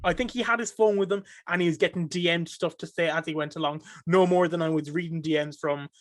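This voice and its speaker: Lively Irish man, higher voice. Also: fast, no echo, studio quality. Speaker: podcast guest. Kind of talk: casual podcast chat.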